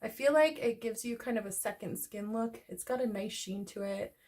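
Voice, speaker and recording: A woman's voice: a little high, moderate pace, darkish tone. Woman, beauty vlogger, casual rambling chat, slightly out of breath. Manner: chatty, rambling, talks while doing makeup. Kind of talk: casual get-ready-with-me chat.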